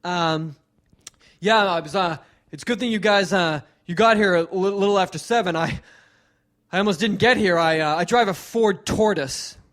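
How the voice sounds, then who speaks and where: A man imitating a corny, pushy male warm-up comedian, telling hammy jokes. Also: sits high, moderate pace. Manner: loud hammy joke-telling.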